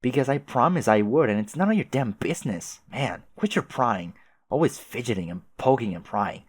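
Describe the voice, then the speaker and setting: A man's voice: medium pitch, expressive, normal speed, husky, pitched above the performer's own voice. Man doing a sarcastic scheming girl troll. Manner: sarcastic and taunting. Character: snooty haughty female teen troll schemer.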